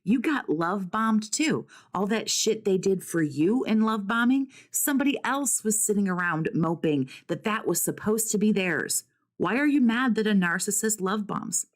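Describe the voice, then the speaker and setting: A woman's voice: mid-range voice, lively intonation, normal speed. A woman speaking as a recovery coach about narcissistic abuse, blunt and profane, firing rhetorical questions and calling her listener "survivor.". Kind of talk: direct-to-camera talk.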